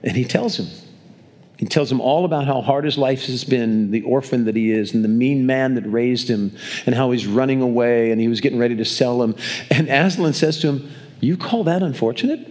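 A man's voice: mid-range voice, a little fast, a little mellow. Older man preaching conversationally. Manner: conversational storytelling, repeats words as he restarts. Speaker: pastor. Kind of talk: sermon. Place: church, speaking to a congregation.

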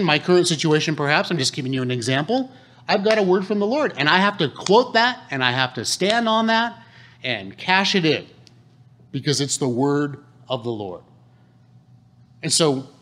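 A man preaching to a congregation, his voice sitting a little high and swinging widely up and down. He keeps it conversational, tossing questions out to the room and answering them himself. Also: a bit bright. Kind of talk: sermon. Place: church hall.

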